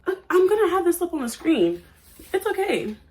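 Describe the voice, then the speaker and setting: A woman's voice: very high-pitched, very animated, normal speed, a little mellow. A nineteen-year-old woman vlogging at home in a chatty, playful, oversharing way. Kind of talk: casual chat. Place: at home under a ring light.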